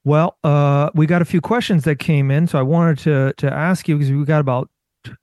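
A man hosting a casual interview, reading listener questions aloud to his guest in a relaxed way. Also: on the high side, a little fast, dry recording, clean studio sound.

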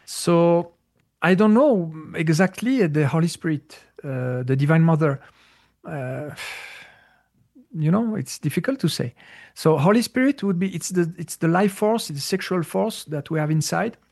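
A man answering a listener's question in a casual talk, halting and searching for words with many restarts. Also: on the high side, animated, vocal fry, a little mellow. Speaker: spiritual teacher answering questions. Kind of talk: casual spoken Q&A.

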